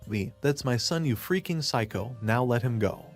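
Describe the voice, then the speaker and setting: A man narrating a first-person story in a plain, steady way. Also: mid-range voice, moderate pace, faint music behind.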